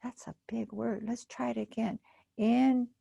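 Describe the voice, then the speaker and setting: A woman librarian reading a storybook to children, gently asking them questions as she goes. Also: a little high, little pitch movement, normal speed, vocal fry, breathy edge, no room sound. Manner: gentle, asks children questions, soft gasps. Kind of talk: children's storytime read-aloud.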